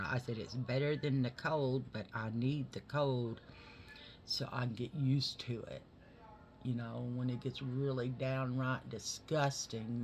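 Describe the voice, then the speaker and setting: A man talks to his viewers at an unhurried pace as he does his makeup, loose and full of swearing. He drops to a near-whisper while he blends. A steady hiss of background noise sits under his voice. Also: fairly low pitch. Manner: chatty and profane, talks straight to viewers. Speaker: makeup vlogger. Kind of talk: casual chat while doing makeup.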